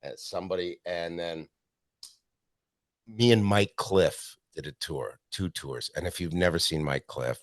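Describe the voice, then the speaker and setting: A man, a stand-up comedian from Canada, telling profane, animated anecdotes as a podcast guest. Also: deep voice, measured pace, no echo, studio quality. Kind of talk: casual storytelling interview.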